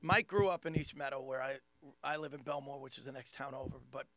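A man's voice: mid-range voice, fast talker, no echo. A man with a thick Long Island accent, a comedian telling a story in casual chat and acting out the people in it. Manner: animated, acts out people in his stories. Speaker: comedian and podcast host.

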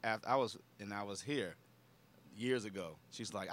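A man from Maryland, a stand-up comedian, telling an anecdote in casual chat and mimicking others in a high voice. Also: normal speed, fairly bright tone.

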